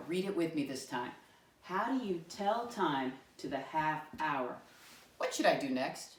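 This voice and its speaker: A woman's voice: deep voice, lively intonation, measured pace. A woman teaching young children, asking patient, sing-song questions. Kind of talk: classroom lesson for young children. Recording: echoey room, mic far off.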